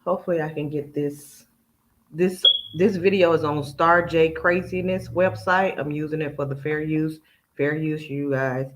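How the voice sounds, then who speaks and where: Chatty man dissecting a video, mid-high voice. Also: fairly even intonation, normal speed, noisy background. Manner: chatty, quotes and picks apart another's words. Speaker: commentary channel host. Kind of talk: casual reaction commentary.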